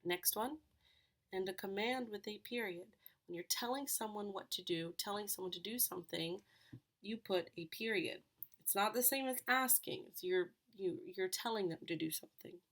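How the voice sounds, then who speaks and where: A woman's voice: medium pitch, normal speed, fairly bright tone. A woman teaching a recorded grammar lesson to third graders, patient and explaining step by step with questions.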